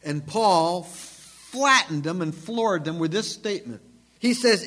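A man preaching a sermon in a church, emphatic, with dramatic swings between loud and quiet. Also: a little high, unhurried. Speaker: pastor.

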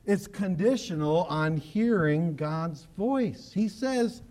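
A man preaching a sermon in a high voice. He talks emphatically and keeps repeating himself, and now and then he drops low and quiet for an aside. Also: lively intonation, slow pace, hardly any pauses. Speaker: pastor. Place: church broadcast on radio and online.

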